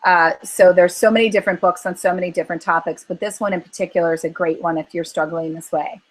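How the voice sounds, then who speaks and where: A woman's voice: fairly low pitch, fast talker, poor audio. Earnest woman coaching by story. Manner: earnest, animated storytelling with acted-out inner voices. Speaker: weight-loss coach. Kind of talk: coaching talk on a group call.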